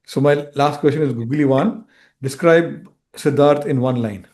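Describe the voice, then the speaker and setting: A man hosts an interview show in a fairly high voice. He fires off brisk questions and delivers a scripted closing. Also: darkish tone. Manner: brisk quick-fire questions. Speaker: show host. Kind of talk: interview hosting, scripted outro.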